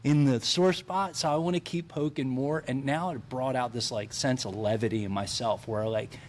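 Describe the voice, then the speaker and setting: A man's voice: mid-range voice, steady tone, moderate pace, a little hiss or hum. A man, a comedian on a podcast telling about his first time on stage, talking loosely with many fillers. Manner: chatty, lots of "like" fillers. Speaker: comedian guest. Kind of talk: casual podcast chat.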